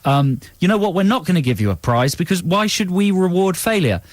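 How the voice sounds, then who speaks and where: A middle-aged man co-hosting a comedy radio show with dry, deadpan teasing. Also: high voice, fairly quick, no room sound. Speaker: radio co-host. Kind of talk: comic radio banter.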